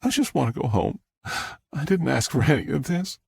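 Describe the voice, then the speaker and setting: A woman's voice: deep voice, sing-song, normal speed, vocal fry, husky, no room sound, pitched above the performer's own voice, heavily acted. A man voicing a frightened, overwhelmed young woman who speaks in a pleading, shaky way. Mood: distraught.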